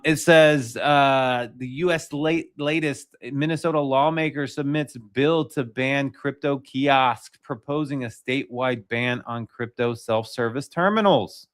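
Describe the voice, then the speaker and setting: Man, livestream host, casual commentary, rambling, filler-heavy, mid-pitched voice. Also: a bit bright.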